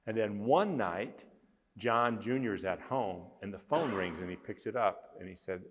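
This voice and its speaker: A man's voice: fairly low pitch, animated, moderate pace, slightly rough, big-room sound. A man speaking as a conference speaker, earnestly telling a story with emphasis. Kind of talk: storytelling talk.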